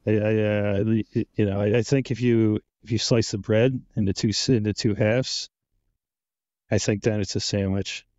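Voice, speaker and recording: A man's voice: fairly low pitch, fairly even intonation, normal speed, darkish tone, dry recording, dull audio. A man answering interview questions as a guest, laid-back and hesitant, with lots of "uh" and "you know". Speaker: guest, penetration tester.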